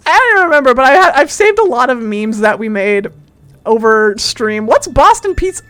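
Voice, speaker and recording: High-voiced giggly woman streamer. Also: normal speed. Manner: giggly, excitable, swears casually. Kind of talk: casual livestream chat.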